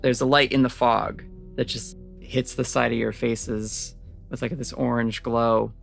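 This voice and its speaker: Casual game master narrating a tabletop session, gravelly voice, faint music underneath. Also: medium pitch, level tone, unhurried. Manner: casual narration with many "like" fillers.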